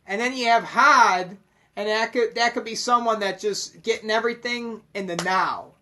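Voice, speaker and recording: A man's voice: high voice, moderate pace, sharp tone. A man explaining mystical ideas in a casual, rambling monologue, swearing constantly and emphatically.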